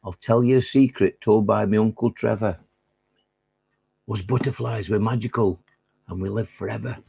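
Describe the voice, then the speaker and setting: A man's voice: lowish voice, steady tone, normal speed, vocal fry, dark tone, slightly rough, no echo, heavily acted. A man putting on a cheeky Lancashire butterfly. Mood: cheeky proud. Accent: Lancashire, put on. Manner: chatty and boastful, broad northern dialect words. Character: cheeky boastful male caterpillar-turned-butterfly. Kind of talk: reciting a comic poem in character.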